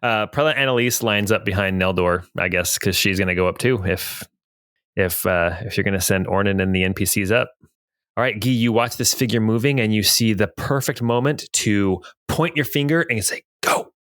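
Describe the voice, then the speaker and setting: A man's voice: on the low side, normal speed, a bit bright, no echo. A man narrating as game master of a tabletop adventure, describing scenes with frequent hesitations and fillers.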